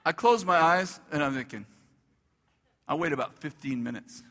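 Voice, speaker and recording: A male pastor telling a story in a sermon, animated, acting out the dialogue and laughing as he goes. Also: a little high, normal speed, long reverb tail.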